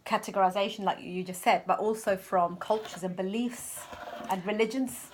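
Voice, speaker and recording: A woman co-host in a casual chat talks things through in a thoughtful way. Her pitch is middling, and she often turns her points into questions for her partner. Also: moderate pace, a little hiss or hum. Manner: reflective, asks questions back. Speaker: podcast co-host.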